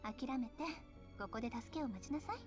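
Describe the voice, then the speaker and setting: A woman's voice: fairly high pitch, rapid-fire, music in the background, close to an everyday voice. A woman voicing a playful, flirtatious female teacher in visual novel dialogue, with a teasing, sing-song manner. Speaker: teacher character.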